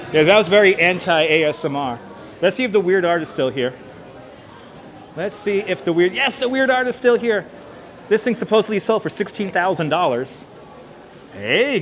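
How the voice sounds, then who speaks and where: A high-pitched man livestreams a walk through the city, outdoors and in an elevator, wearing a wireless clip-on mic. He's chatty and playful, occasionally breaking into loud yelling and sing-song calls, with street noise clearly audible behind him.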